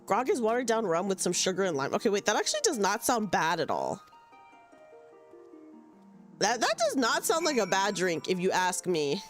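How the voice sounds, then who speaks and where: A woman's voice: medium pitch, sing-song, normal speed, faint music behind. A young woman chatting casually on a game stream, giggly and self-deprecating, speaking into a desk mic at home. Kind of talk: casual live-stream chat.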